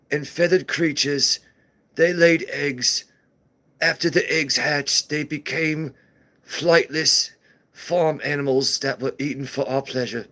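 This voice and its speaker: A man voicing a solemn male nature documentary narrator in a slow, measured, grand manner. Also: on the high side, fairly bright tone, voice pushed up.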